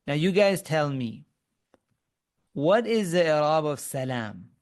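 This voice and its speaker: A man with a slightly high voice and big pitch swings speaks slowly while teaching Arabic grammar in an online webinar. He explains step by step, quizzes his students, and often restarts his sentences.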